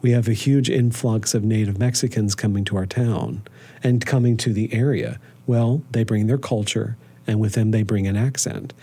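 A man with a mellow, slightly husky voice, a documentary filmmaker answering interview questions. He talks thoughtfully and lifts his voice on questions. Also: fairly low pitch, steady tone, normal speed.

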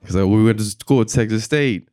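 A man's voice: on the low side, brisk, no echo. A young man doing stand-up comedy, telling a long story and acting out the voices of the people in it. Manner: animated, acts out voices and reactions.

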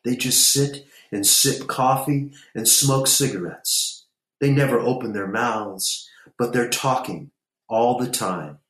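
A man reading a story aloud, voicing a calm, wise mother who explains things patiently and softly. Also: medium pitch, takes it slowly, reverberant, pitched above the performer's own voice.

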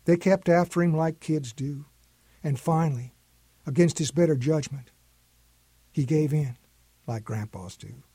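A man telling a story in a calm, homespun way. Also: a little high, measured pace, pauses often, husky, no room sound. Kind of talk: storytelling narration.

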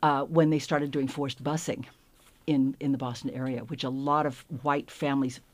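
A woman's voice: rumbling low, little pitch movement, moderate pace. A woman in her seventies reminiscing in a matter-of-fact way in an interview. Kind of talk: conversational interview.

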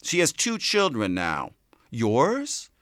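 A gentle, forgetful old mother who wanders in and out of her memories, as a male audiobook reader puts her on. The tone is smooth and lively in pitch, read dry and close in a studio. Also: slow pace, no echo, full character voice. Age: older.

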